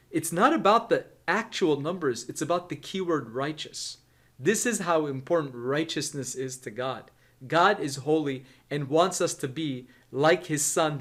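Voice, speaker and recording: A man as a Bible teacher whose voice swings widely up and down as he reads and comments on scripture. His delivery is animated and emphatic, and he keeps turning to the listener for agreement. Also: fairly high pitch.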